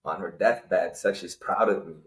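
A man's voice: low-pitched, moderate pace, echoey room, rough recording. A young man in his twenties, a guest telling a personal story in an earnest, emotional way with many fillers. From Canada. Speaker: interview guest.

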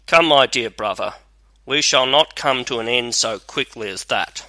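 A man's voice: medium pitch, measured pace, pushed and bright, dry recording, poor audio. A man voicing a bold, hungry soldier with a hearty, plainspoken manner in a storybook reading. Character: hungry bold male soldier, fearless and blunt.

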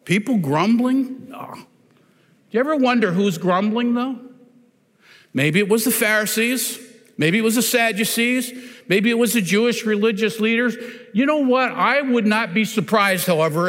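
A pastor preaching a sermon in a church, deliberate and emphatic, often pointing listeners to the text with "notice". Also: male voice, high voice, animated, fairly bright tone. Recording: long reverb of a large hall.

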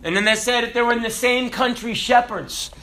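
A man in his forties delivers an animated sermon with a very high, bright voice. He swings from shouted declarations down to low, quiet asides. His tone stays ringing and forward throughout. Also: fairly quick. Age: 40s. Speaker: pastor.

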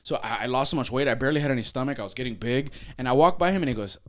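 A man co-hosting a podcast, an animated storyteller who laughs through his own anecdotes. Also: medium pitch, quick pace. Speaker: podcast co-host. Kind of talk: casual chat.

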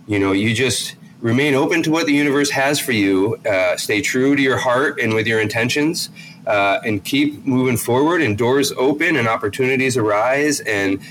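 A man's voice: medium pitch, moderate pace, a bit bright, a little hiss or hum. A man hosting a podcast, talking in a rambling, reflective way with many restarts. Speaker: podcast host. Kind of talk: casual interview chat.

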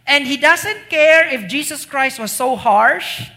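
A preacher with a Filipino accent delivers a sermon at an unhurried, drawn-out pace. The voice is bright and clear. The delivery feels like talking with the congregation, full of "you know?" and "see?", with Cebuano phrases mixed in. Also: high voice, expressive. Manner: slips into Cebuano asides.

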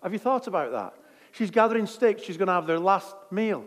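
A preacher delivering a sermon with a fairly high voice. He jokes easily and chats with the congregation, and his voice carries a long echo around a big church hall. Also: a little fast. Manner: jokey, conversational, lively.

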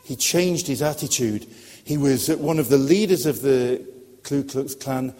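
A man delivers a sermon to young people, earnest and a little halting as he searches for words. His voice is mellow and warm, and a long echo of a hall trails after it. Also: mid-range voice. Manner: earnest, hesitant with fillers. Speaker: preacher. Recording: echoey hall.

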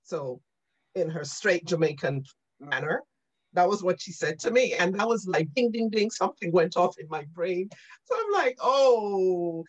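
Woman, podcast guest, lively storyteller, tag questions. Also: lowish voice, normal speed, slightly rough, lo-fi sound. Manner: animated storyteller, often says "right?" and "you know". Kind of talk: podcast interview.

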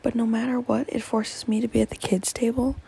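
A woman's voice: a little high, level tone, brisk, gravelly, mellow, slightly rough, low-quality recording. A teenage girl hosting a solo podcast, rambling with lots of fillers and often dropping to a whisper, a little tearful. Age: teens. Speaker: podcast host.

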